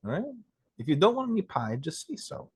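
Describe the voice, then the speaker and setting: A man voicing a sarcastic, threatening male mob henchman who swears casually, with a husky voice. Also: fairly high pitch, big pitch swings, brisk, no echo, studio quality, heavily acted. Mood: mock-friendly menace. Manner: mock-casual threats, profane.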